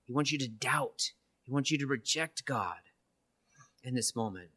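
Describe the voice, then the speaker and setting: A man's voice: medium pitch, expressive, moderate pace, bright, forceful tone, breathy edge. A church minister preaching an earnest, reflective testimony, often checking in with his listeners with "right?". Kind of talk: sermon-style testimony.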